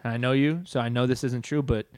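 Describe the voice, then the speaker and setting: A man's voice: medium pitch, fairly even intonation, quick pace, darkish tone, clean tone, no room sound. A man co-hosting a podcast who talks casually, teases his friends and laughs often. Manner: laughs often, teasing, swears. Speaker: podcast co-host.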